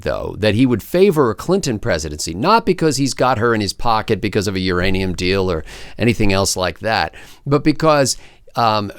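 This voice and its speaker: A man as a panelist on a political talk show, reasoning aloud in a measured way. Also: medium pitch, clean tone, no echo, clean studio sound. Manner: measured, thinks aloud with fillers.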